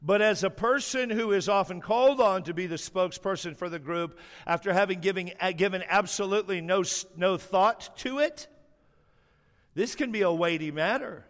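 A high-voiced man preaches a sermon with the energy of a storyteller, stretching out the words he wants to land. His voice rings with the long reverb of a large hall. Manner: animated storytelling, slows down hard for emphasis.

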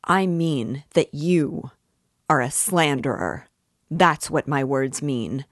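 A woman reading as an earnest young idealist, heated and insistent as he accuses someone to his face. The voice is low and dry, set close to the mic. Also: unhurried, no room sound. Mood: angry. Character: earnest, principled young man, hotly angry.

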